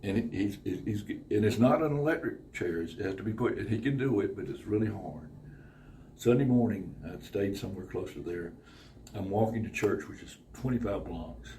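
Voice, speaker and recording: A man's voice: fairly low pitch, moderate pace, dark tone. Brief: a man spinning a rambling tale, foul-mouthed and chuckling, recorded a bit far off the mic with light background hiss. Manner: profane, laughs often while telling a story. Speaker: podcast guest. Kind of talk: casual storytelling. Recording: distant mic with faint background noise.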